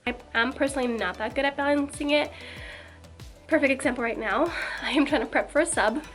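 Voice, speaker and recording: A woman's voice: high-pitched, brisk, a bit bright, roomy sound, soft background music. A woman who teaches first grade, chatting casually in a vlog from her car, congested with a stuffy nose and a bit frazzled.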